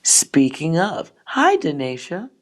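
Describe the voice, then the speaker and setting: A woman's voice: low-pitched, huge pitch swings, slow pace. A woman hosting a tarot livestream, chatting with viewers in brash, profane, joking rants. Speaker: tarot reader and livestream host. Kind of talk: casual livestream chat with viewers.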